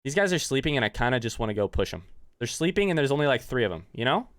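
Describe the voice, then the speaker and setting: A man streaming a game, telling a long anecdote in a rambling, animated way and turning aside to talk to his chat. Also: mid-range voice, racing, no room sound. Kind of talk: casual storytelling while streaming gameplay.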